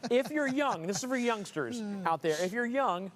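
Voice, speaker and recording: A middle-aged co-host of a live stream show has a very high, animated, fairly bright voice at a normal speed, with a little hiss or hum. He spins jokey stories with frequent laughs in casual banter, broadcasting from a showroom where staff work nearby.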